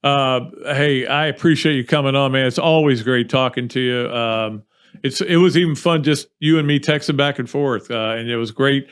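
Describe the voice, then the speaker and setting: A man's voice: mid-range voice, moderate pace, clean tone. A male podcast host with an easy, rambling delivery. He chats with a guest and drifts into self-deprecating stories, talking in a loose, conversational way. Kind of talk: casual chat and storytelling.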